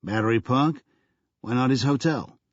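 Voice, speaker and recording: A man's voice: medium pitch, moderate pace, no room sound, lo-fi sound, lightly acted. A man voicing a skeptical male police lieutenant who asks terse, pressing questions.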